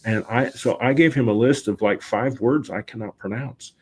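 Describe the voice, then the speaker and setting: A middle-aged man, a guest on a talk show, telling lively anecdotes in a relaxed conversational way and often quoting himself. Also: mid-range voice, normal speed, breathy edge. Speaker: guest, voice-over and public speaking teacher. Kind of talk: casual conversational storytelling.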